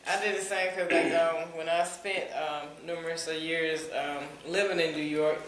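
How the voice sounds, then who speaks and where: A woman with a Southern US accent, co-hosting a casual podcast chat, chatty and quick to laugh. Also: low voice, steady tone. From American South. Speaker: podcast co-host. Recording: echoey room, faint noise.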